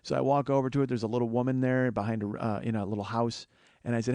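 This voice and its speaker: A male comedian host telling a profane, self-mocking story in an animated way. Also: medium pitch, very fast, no room sound.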